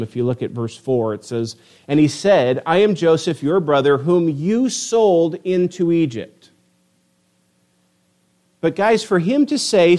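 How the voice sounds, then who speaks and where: A man preaching a sermon, animated and emphatic, asking his listeners rhetorical questions. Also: fairly high pitch. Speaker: pastor.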